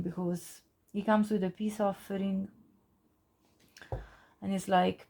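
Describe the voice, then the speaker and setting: A woman's voice: medium pitch, fairly even intonation, normal speed, pauses often, warm tone, slight background noise. Woman tarot reader, casual and chatty, laughs easily, talks with fillers and restarts. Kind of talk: casual pick-a-card tarot reading.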